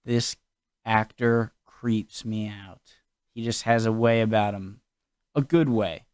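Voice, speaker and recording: A man's voice: lowish voice, fairly even intonation, slow pace, darkish tone, clean tone, no echo. A man from New England reacting casually to a video, musing aloud with many fillers and restarts. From New England, USA.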